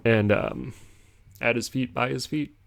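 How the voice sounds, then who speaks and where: A man's voice: medium pitch, a little slow, creaky. A young man casually telling a rambling story on a podcast, chuckling as he goes. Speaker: podcast host.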